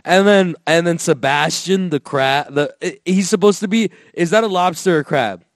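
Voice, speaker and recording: A man's voice: on the high side, normal speed, dry recording, clean studio sound. A man chatting casually on a video call, rambling with lots of restarts and swearing. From Hispanic family, US. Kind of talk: casual chat.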